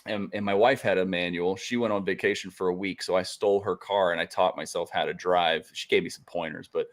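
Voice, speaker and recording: Lower-pitched man in casual chat. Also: fairly even intonation, fairly quick. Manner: chatty, laughs easily, storytelling. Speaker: co-host. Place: home studio on a live stream.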